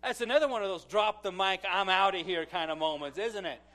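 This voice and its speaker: A middle-aged male pastor preaching a sermon, swinging from loud exclamations to hushed asides as he tells stories and acts out quotes. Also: sits high, a little fast.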